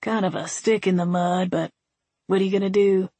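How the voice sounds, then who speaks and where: A woman's voice: medium pitch, steady tone, moderate pace, warm tone, husky, dry recording, close to an everyday voice. A woman voicing an easygoing, chatty young male deputy who talks in a rambling, folksy way.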